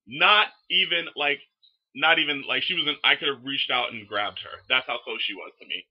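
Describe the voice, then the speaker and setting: Young guy hyped up telling a story, cussing a lot, husky voice, kinda muffled lo-fi audio. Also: fairly high pitch, normal speed. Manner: excitable, profane, animated retelling. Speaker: vlogger. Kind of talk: casual storytelling.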